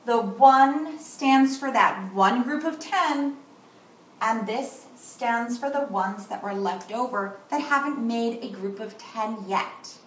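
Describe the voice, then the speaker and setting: A woman teaching kindergarten, slow and sing-song and encouraging as she spells out letters and sounds for young children. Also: sits high, a little hiss or hum. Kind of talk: recorded morning lesson for young children. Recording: roomy echo, voice a bit far from mic.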